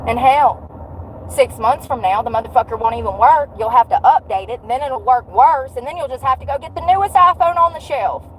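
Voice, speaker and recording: A woman's voice: sits high, animated, a little fast, slight background noise, rough recording. A woman around forty, venting in a blunt, sarcastic, profane vlog rant while out walking. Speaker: vlogger.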